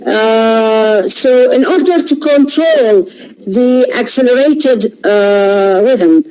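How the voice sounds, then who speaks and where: A woman whose first language is Arabic, giving an English lecture slowly with many hesitations and self-corrections. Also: fairly high pitch, a little mellow, smooth, low-quality recording.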